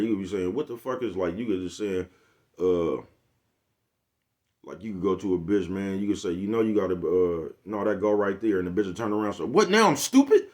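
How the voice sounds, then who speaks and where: A man's voice: deep voice, a little mellow. A man talking casually to his viewers in a slangy, laid-back rant, often checking in with "you get what I'm saying". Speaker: channel host. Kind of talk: casual vlog monologue.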